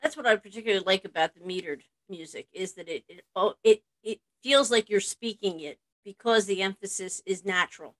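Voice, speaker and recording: A woman's voice: medium pitch, a little fast, few pauses, a bit bright. A woman hosting a casual conversation, earnest and restarting her words as she talks. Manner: earnest, repeats words when starting. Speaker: host. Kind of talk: casual chat.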